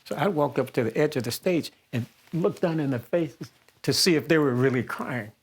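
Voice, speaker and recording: A man's voice: a little high, moderate pace, husky. An older man from the Detroit area, a singer being interviewed, telling anecdotes with frequent chuckles. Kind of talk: storytelling interview.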